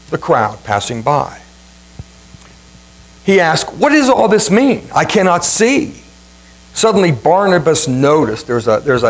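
A male pastor preaching a sermon with emphatic, dramatic repetition and swings in pitch. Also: rough recording. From Ohio, USA.

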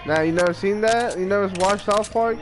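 A young man with a Massachusetts accent and a high-sitting voice chats fairly quickly while gaming, joking, laughing, and often stammering into restarts. Loud music plays behind him in a noisy background.

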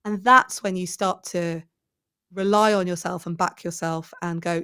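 A woman's voice: on the low side, steady tone, moderate pace, a bit bright, clean tone. A middle-aged woman, a presenter coach, talking enthusiastically in a podcast interview and thinking aloud as she goes.

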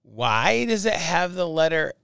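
Gravelly man hosting a card break. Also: a little high, sing-song, unhurried, a bit bright, dry recording, clean studio sound. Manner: chatty, joking about name pronunciations. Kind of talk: casual live-stream chat.

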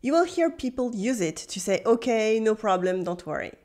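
A woman with a French accent gives a scripted video lesson in English. She is patient and explains each point step by step, stopping to prompt the viewer. Her voice sits a little high. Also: sing-song, moderate pace, a little mellow. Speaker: language teacher.

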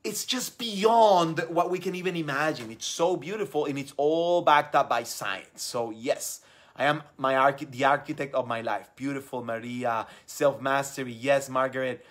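A young adult man hosting a live stream, reading out viewer comments and talking with effusive, enthusiastic warmth. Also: medium pitch, normal speed. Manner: enthusiastic, effusive, repeats words. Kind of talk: casual live stream talk.

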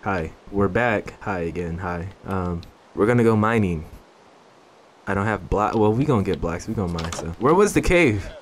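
A young man giving casual, joking gameplay commentary to his viewers. He swears freely and bursts into excited yelps. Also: low voice, normal speed, a little hiss or hum. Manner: chatty, talks straight to viewers. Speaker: gaming YouTuber.

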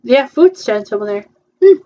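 Woman, casual park-tour chatter, halting with ums, playful, slightly high voice. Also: lively intonation, mellow, highs cut off. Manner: hesitant, frequent ums, playful back-and-forth. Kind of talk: casual virtual theme-park tour chat.

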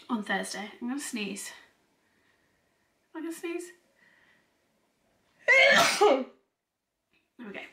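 A woman's voice: mid-range voice, sharp tone. A young woman, chatting casually to camera in a home vlog, a little stuffy from a cold and rambling with fillers. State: slightly congested from a cold. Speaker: vlogger.

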